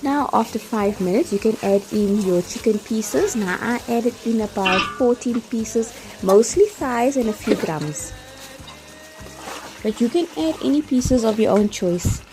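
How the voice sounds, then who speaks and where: A cooking vlogger's voice sits on the high side, animated yet a little slow, as she narrates a tutorial over background music. She chats through the instructions step by step and laughs lightly.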